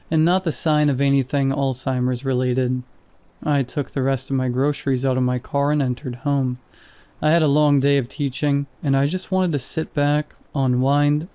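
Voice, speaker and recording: A man tells a first-person horror story in a measured, scripted delivery. His voice is mellow and dark in tone, with a smooth, clear sound. His pitch sits in the middle. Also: no room sound. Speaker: narrator.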